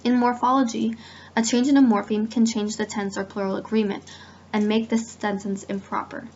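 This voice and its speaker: A woman's voice: a little high, moderate pace, slight background noise. A woman student reading a class presentation on grammar and giving spoken examples. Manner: steady, reads examples aloud. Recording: dull lo-fi recording.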